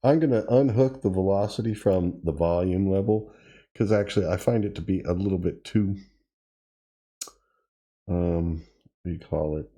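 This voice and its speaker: A man hosting a tutorial, casually demonstrating gear and thinking aloud with pauses and self-corrections. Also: low voice, dark tone. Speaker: tutorial host. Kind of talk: casual demo while playing. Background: drum machine sounds he is playing.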